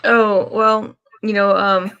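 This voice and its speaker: Woman player, slow and hesitant, vocal fry. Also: mid-range voice, flat delivery, bright, forceful tone, highs cut off. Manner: hesitant, polite, stumbling. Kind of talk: in-character tabletop play.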